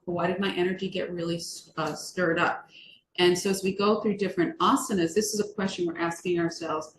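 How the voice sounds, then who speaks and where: A woman from the United States, a yoga teacher, leading a relaxed and chatty class on a video call and asking the group questions. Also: fairly low pitch. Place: room on a video call meeting. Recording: echoey room, faint background hiss.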